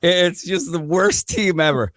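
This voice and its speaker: A man hosting a comic book podcast in casual chat, animated, swearing and laughing often as he acts out characters. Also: high-pitched, unhurried, no room sound, clean studio sound.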